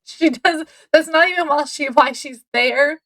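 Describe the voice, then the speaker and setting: A woman's voice: sits high, moderate pace, a bit bright, poor audio. A woman reviewing a book in a casual, chatty way, laughing often as she retells it. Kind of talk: casual chat.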